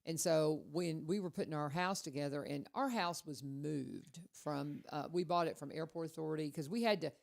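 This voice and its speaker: A woman hosting a casual radio chat, telling stories in a chatty, animated way. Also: sits low, moderate pace, gravelly, hardly any pauses. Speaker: radio host.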